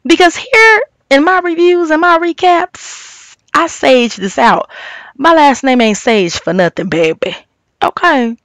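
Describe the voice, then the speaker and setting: A woman's voice: sits high, expressive, unhurried, a bit bright, no echo. A woman recapping and reviewing a reality TV show, chatty and opinionated, talking straight to her viewers. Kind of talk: casual recap and commentary.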